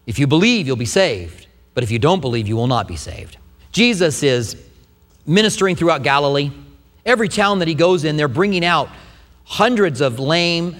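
A man delivers a sermon to a large church congregation with animated, expressive preaching. His voice sits somewhat high for a man, and long reverb from the hall trails after his words. He sometimes slips into the voices of doubters. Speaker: pastor.

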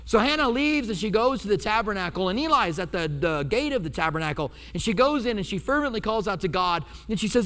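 A man's voice: sits high, fast talker, few pauses. A male pastor preaching a sermon in a church, telling stories with humor and acting out quotes. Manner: animated storytelling preacher, acts out quotes with humor. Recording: long hall reverb.

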